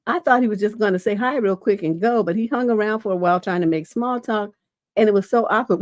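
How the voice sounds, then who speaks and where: A middle-aged woman, a relationship coach, is livestreaming, reading viewer questions aloud and answering them bluntly and casually, dropping "you know" often. She has a mid-range voice, talks fast, and has a lingering cough. The recording is dry, with clean studio sound.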